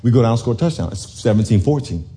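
A man in his forties, a little hoarse, telling a lively football story to a congregation, dropping low then shouting high. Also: rapid-fire. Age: 40s. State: hoarse from yelling. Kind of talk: animated storytelling sermon.

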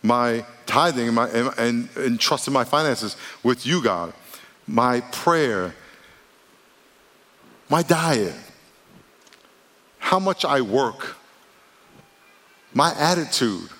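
A man's voice: medium pitch, animated, slow, long pauses, a bit bright. A man preaching to his congregation from the pulpit, emphatic and direct. His voice sits in the middle range for a man. It rings out with the long reverb of a large church hall. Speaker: pastor. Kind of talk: sermon.

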